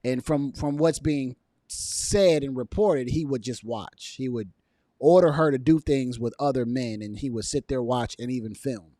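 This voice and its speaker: A man's voice: medium pitch, moderate pace, dry recording, studio quality. A man hosting a vlog, reacting to news in casual, emphatic talk full of fillers. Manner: animated, emphatic, heavy on fillers.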